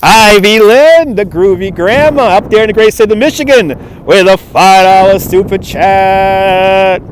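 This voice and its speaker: Strolling a chilly waterfront on a live walking stream, a man chats, laughs, and calls out viewers by name to thank them. The high-voiced host keeps a measured pace, shooting on a gimbal-mounted phone with slight background noise.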